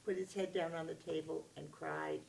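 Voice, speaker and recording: Woman storyteller, gravelly voice, expressive, distant mic with faint noise. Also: low-pitched, normal speed, a crowd in the background. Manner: expressive, with sound effects and acted voices. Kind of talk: animated oral storytelling to a child.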